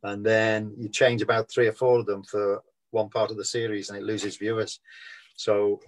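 Low-voiced man reminiscing. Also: moderate pace. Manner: relaxed, chuckling storyteller. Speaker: actor guest. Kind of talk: casual interview chat.

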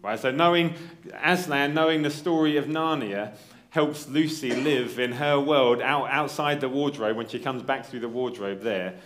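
A man's voice: mid-range voice, normal speed, a bit bright. A man preaching a sermon. He keeps checking in with his listeners. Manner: conversational, checks in with "right?" and "okay?"; reads story passages aloud in character voices.

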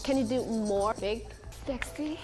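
A woman's voice: fairly high pitch, measured pace. A woman mentor coaching trainees on a talent show, blunt and repeating short commands. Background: loud pop music from the show.

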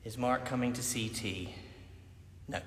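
Speaking at a measured pace in a mid-range, slightly bright voice, a man in his thirties livestreams from his phone in a big dance studio. The chat is casual as he works through viewer questions, laughing frequently. His voice echoes around the hall over a faint hum of noise.

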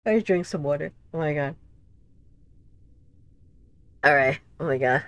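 A woman streaming a game, reacting out loud as she plays, talking to herself and laughing often. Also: low-pitched, unhurried, no echo. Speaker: gaming streamer. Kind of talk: casual let's play commentary.

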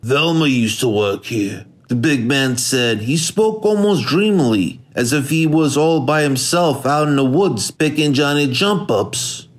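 A man giving steady, measured scripted narration of a hardboiled crime novel. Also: a little high. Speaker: audiobook narrator.

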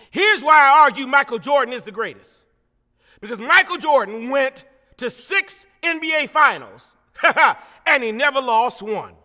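Male pastor preaching, slow and drawn out, really bright piercing tone, big church echo. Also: extremely high pitch. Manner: preaching that builds into rhythmic shouted refrains; drops to slow, hushed phrases between climaxes. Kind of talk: sermon. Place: church sanctuary.

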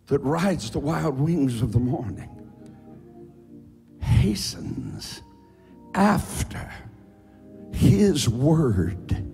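A man pastor preaching a sermon, building to sung, shouted cadences with repeated rhetorical questions, in a church with music behind. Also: mid-range voice. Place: church sanctuary.

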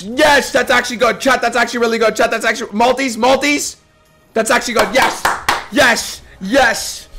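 A young man streaming slots live to his chat, swearing constantly and bursting into screaming hype, his voice going hoarse. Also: sits high, a bit bright. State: losing his voice. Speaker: gambling streamer. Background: faint slot game music.

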